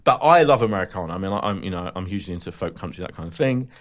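A man's voice: low-pitched, animated, rapid-fire. A man co-hosting a casual chat, enthusiastic and full of gushing praise, often repeating himself. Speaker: podcast co-host.

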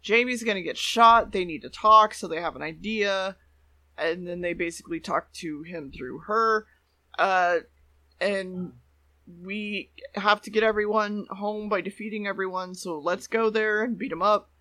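A man casually rambling through an episode plot summary as a podcast co-host, his phrases trailing off low. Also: a little slow, bright, forceful tone, no room sound. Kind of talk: casual recap chat.

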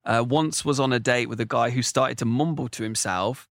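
Young man, podcast co-host, gravelly voice, casual self-deprecating chat, dry close mic. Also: medium pitch, moderate pace, fairly bright tone, no echo. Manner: self-deprecating, jokey, laughs at his own stories.

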